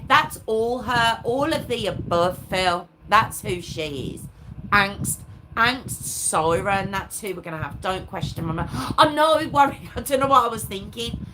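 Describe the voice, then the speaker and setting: A woman hosting a live stream, chatting casually with her viewers in a rambling, self-mocking way. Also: medium pitch. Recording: clear background noise with clicks.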